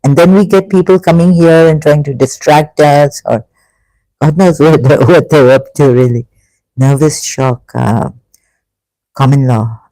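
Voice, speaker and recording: A vlogger talking through an emotional personal monologue, halting and sighing, with frequent restarts, stopping to read passages aloud. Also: medium pitch, mellow, dry recording, poor audio. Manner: reads passages aloud between remarks.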